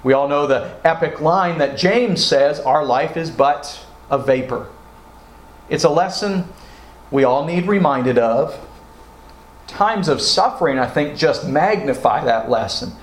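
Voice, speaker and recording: Man, pastor, sermon, slow deliberate delivery, roomy echo. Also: a little high. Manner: expressive, acts out quoted prayers with rising emotion.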